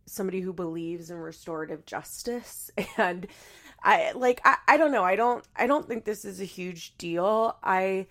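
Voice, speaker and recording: Casting note: young woman, podcast host, hoarse and congested, gravelly fry, casual rambling chat with laughs and fillers. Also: medium pitch, moderate pace, fairly bright tone. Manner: chatty, laughs often, many fillers and restarts. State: stuffy nose and hoarse voice.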